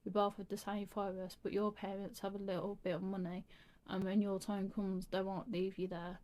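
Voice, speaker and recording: A woman's voice: medium pitch, level tone, normal speed, mellow, lightly acted. Woman reading as a bitter sick teenage boy. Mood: cold. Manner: teasing, then cold. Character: ill teenage boy in hospital, wry and bitter.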